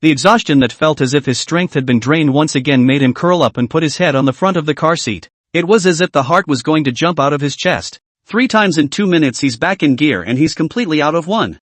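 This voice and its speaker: A man narrating a comic story recap in a steady storytelling way. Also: a little high, brisk, hardly any pauses, no echo.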